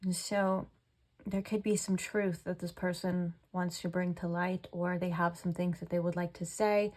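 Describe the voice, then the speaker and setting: A woman giving a casual tarot card reading to her viewers, chatty and full of "like", slowing down and softening her voice when she turns to the cards. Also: on the low side, little pitch movement. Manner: chatty, says "like" often. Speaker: tarot reader.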